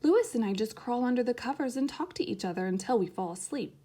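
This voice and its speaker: Woman reading lamb, small kind toy lamb, soft soothing voice, storybook. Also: fairly high pitch, animated, fast, voice pushed up. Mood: reassuring.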